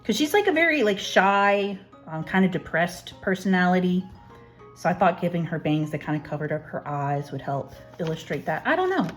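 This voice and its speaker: Young woman w a lowish voice chatting about her drawings, rambly, faint music behind. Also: very animated, moderate pace. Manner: rambling, self-deprecating, giggly. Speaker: artist, channel host. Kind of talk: casual sketchbook tour narration.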